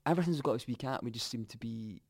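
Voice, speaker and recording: A young Scottish man telling his own story candidly, reflective and halting, often restarting his sentences. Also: medium pitch, dry recording, studio quality.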